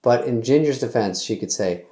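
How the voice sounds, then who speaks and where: A man's voice: medium pitch, lively intonation, normal speed, mellow, echoey room. A middle-aged man hosting, delivering a loose, sarcastic comedy monologue that acts out little quotes in other voices. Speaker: host.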